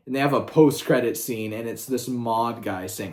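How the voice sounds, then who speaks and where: A man talking in a casual, profane rant, excitable and full of quick asides. His voice sits mid-pitched, and the recording carries a roomy echo. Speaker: video creator.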